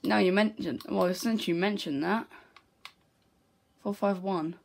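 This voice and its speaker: A woman chatting through her own football video game match, talking tactics under her breath and bursting into shouts at near misses and goals. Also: medium pitch, unhurried, gravelly. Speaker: gaming video creator.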